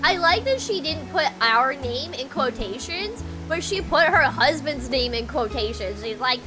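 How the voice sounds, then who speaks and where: A woman's voice: high voice, very animated, normal speed, hardly any pauses, music in the background. A woman with a Texan accent, chatting playfully and giggling as she streams a game. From Texas. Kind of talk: casual live-stream chat while gaming.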